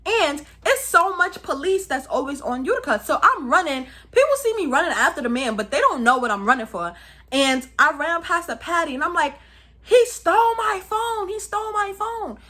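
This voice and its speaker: A young woman from Brooklyn with a New York accent, telling a story in a lively, slangy, casual vlog style. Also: high voice, a little fast. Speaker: vlogger.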